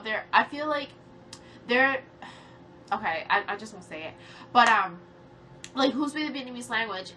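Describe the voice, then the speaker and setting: A nasal young woman in her twenties, close to tears, venting heatedly to her camera. Her voice is bright and a little high for a woman, full of swearing and restless filler words. A faint hiss sits under the recording. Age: 20s. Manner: heated, swearing, rambling with many "like"s. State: tearful. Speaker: vlogger. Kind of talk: emotional rant to camera.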